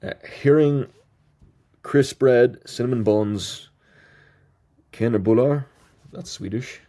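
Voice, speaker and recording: A man's voice: mid-range voice, takes it slowly, warm tone. A man hosting a solo podcast, reading through a list of notes and stumbling over foreign words with small asides. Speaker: podcast host.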